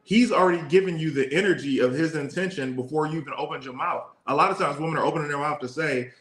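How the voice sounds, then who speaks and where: A man's voice: on the high side, racing, hardly any pauses. Frank, slangy man in an echoey room. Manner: frank, animated storytelling with slangy asides. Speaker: podcast co-host giving relationship advice. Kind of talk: casual chat.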